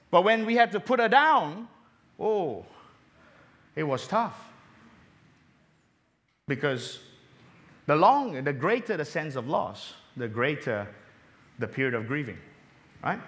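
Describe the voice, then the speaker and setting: A middle-aged man from Malaysia delivers a sermon built on a personal story. His voice sits a little high for a man. He drops soft and low on the tender moments. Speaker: preacher.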